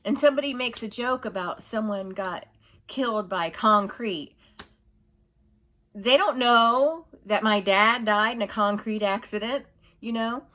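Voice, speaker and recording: A woman with a fairly high voice rants casually to the camera. She rambles and sounds exasperated. Now and then she mimics whiny people. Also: measured pace, bright, forceful tone. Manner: rambling, exasperated, laughs while telling stories; mocks others in put-on whiny voices. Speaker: vlogger. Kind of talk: casual opinion monologue.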